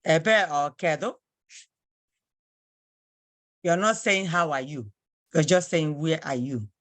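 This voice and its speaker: A woman's voice: low-pitched, slow, fairly bright tone, dry recording. A woman teaching a language lesson, patiently repeating phrases word by word.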